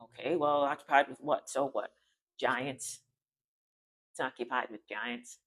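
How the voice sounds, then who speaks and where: A man's voice: medium pitch, steady tone, measured pace, fairly bright tone. Rambling casual spiritual teacher, a man. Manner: rambling, many restarts and fillers, conversational.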